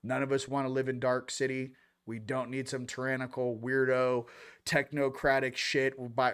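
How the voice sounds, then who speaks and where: On his easygoing spiritual talk show, the male host launches into lively rants, shifting from booming bursts to hushed, intense passages. He sprinkles in playful sound effects and mocking voices.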